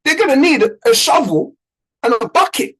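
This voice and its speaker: A man's voice: very high voice, big pitch swings, moderate pace, a bit bright, voice pushed up, heavily acted. A man putting on a hammy gold-rush bucket seller. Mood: scheming. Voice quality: husky, hammy put-on accent. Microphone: video call.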